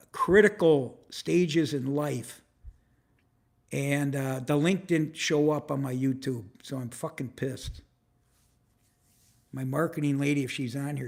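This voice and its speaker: A man's voice: fairly high pitch, vocal fry, a little mellow. An older man in his seventies hosting a casual live stream from a camera on a tripod, rambling, frustrated and swearing as he greets viewers in the chat by name. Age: 70s. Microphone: phone or camera on a tripod.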